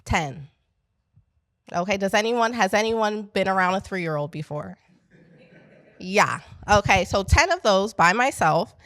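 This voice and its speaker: Animated woman telling a story to a crowd. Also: mid-range voice, unhurried, pauses often, dry recording. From Pennsylvania, USA. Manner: animated, chatty, addresses the crowd directly. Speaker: business founder speaking at an event. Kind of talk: storytelling talk to a live audience. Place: event space at a coworking venue.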